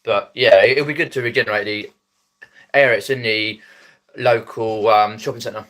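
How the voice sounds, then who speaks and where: A man's voice: fairly low pitch, fairly even intonation, normal speed, fairly bright tone. A man from Surrey with a Mockney accent, chatting casually to viewers on his phone live stream, rambling with many ums and restarts. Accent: Mockney, South East English. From Epsom, Surrey, England.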